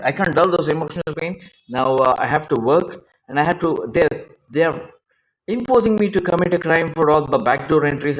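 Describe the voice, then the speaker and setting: A man on a rambling live stream, distressed and close to tears, talking in halting bursts that repeat words as he pleads about his grievances. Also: fairly high pitch. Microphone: phone mic. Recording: lo-fi phone screen recording.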